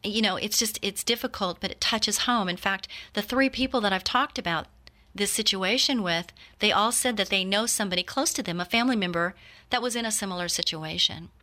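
Woman in her fifties, host type, bright clear tone, earnest and reflective, talks straight to the audience. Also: mid-range voice, a little fast. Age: 50s. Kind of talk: heartfelt personal talk.

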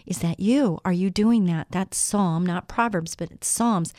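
Earnest, mellow-voiced woman hosting faith talk. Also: lowish voice, no echo, studio quality. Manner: earnest, addresses listeners with direct questions. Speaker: host of a faith show. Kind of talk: devotional talk with scripture reading.

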